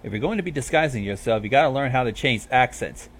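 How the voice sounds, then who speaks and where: A man's voice: medium pitch, lively intonation, quick pace, close to an everyday voice. A man voicing a brash, cool young vampire mare DJ who talks casually and teases bluntly. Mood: teasing.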